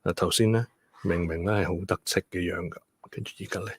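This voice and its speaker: A man's voice: low voice, fast talker, husky, dry recording. A man with a Hong Kong English accent, reading a bedtime story to children and teaching them about rhyme. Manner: animated, code-switching, stressing words for children.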